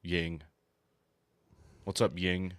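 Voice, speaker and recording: A man's voice: low voice, steady tone, drawn-out words, fairly bright tone, no echo. A man co-hosting a podcast, rambling through crude, mocking jokes in casual banter. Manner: rambling, crude jokes, mock painting-show narration. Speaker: co-host.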